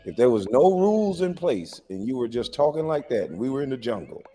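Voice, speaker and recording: A man's voice: mid-range voice, very animated, a little fast, mellow, big-room sound, faint music behind. A man hosting a livestream, reacting to clips in a casual, incredulous and lecturing way with lots of rhetorical questions. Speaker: livestream host.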